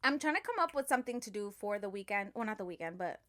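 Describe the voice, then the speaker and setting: A woman co-hosting a podcast in casual chat, frank and profane and quick to laugh. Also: medium pitch, lively intonation, pushed and bright. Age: adult with children. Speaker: podcast co-host.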